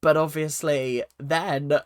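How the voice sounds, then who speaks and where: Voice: mid-range voice, steady tone, slow pace, clear, resonant tone, no room sound, studio quality. A speaker giving a casual, chatty recap of a reality TV episode and acting out quotes in silly voices. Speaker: reality TV reaction vlogger.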